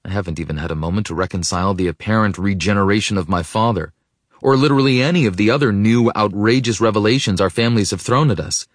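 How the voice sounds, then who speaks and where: A man with a very low, deep voice reads a first-person novel in a reflective, intimate tone, often sinking to a hush. The recording is dry and close, with no room sound. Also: fast, no echo. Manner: reflective, intimate, softening to hushed. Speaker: audiobook narrator. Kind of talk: first-person audiobook narration.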